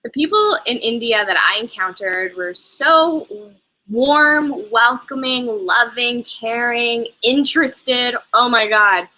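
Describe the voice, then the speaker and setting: A woman's voice: fairly high pitch, takes it slowly, bright, forceful tone, poor audio. A woman hosting a casual live travel chat, bubbly and chatty, laughing often as she answers viewer questions. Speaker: travel vlogger host. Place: lives in Canada.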